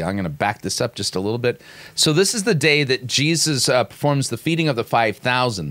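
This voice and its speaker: A low-voiced man talks through a sermon clip point by point. He reads scripture aloud and breaks down words, often restarting his sentences. The sound is close and dry. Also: a bit bright, no echo. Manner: analytical, explains word by word with frequent restarts. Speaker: commentator critiquing a sermon. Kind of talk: commentary with scripture reading.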